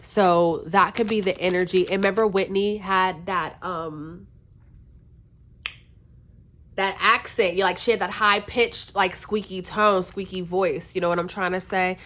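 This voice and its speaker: Woman, from the northern East Coast, casual tarot reader, low-ish voice, rambling chatty delivery. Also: fairly even intonation, measured pace, fairly bright tone. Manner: chatty, loose, lots of fillers. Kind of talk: casual tarot reading to viewers.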